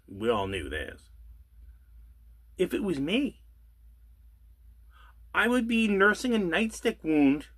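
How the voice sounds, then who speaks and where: A man's voice: high voice, fairly bright tone, husky. A man, the host of his own channel, delivering an angry, sarcastic rant with rhetorical questions and the odd curse, drawing out words for emphasis. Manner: drawls some words slowly for emphasis. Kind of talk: ranting monologue.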